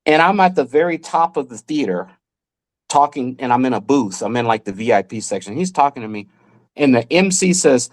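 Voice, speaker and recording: A man's voice: mid-range voice, expressive, a little fast. A man in his forties, a guest magician and former child actor, telling vivid anecdotes in a casual podcast chat.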